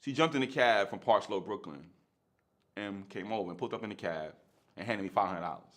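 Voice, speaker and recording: Animated New man telling a story. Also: fairly low pitch, a little fast. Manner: animated, laughs often, slangy street talk. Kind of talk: casual storytelling.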